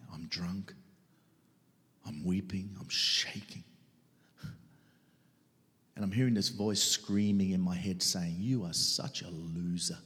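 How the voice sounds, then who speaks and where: A middle-aged man preaching his testimony dramatically, swinging between loud outbursts and hushed whispers. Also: low-pitched. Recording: long reverb of a large hall.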